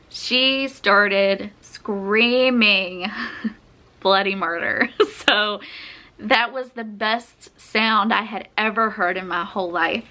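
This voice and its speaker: Telling her birth story, this young woman vlogger chats casually, full of fillers and frequent laughter. She has a mid-range voice that sounds pushed and bright.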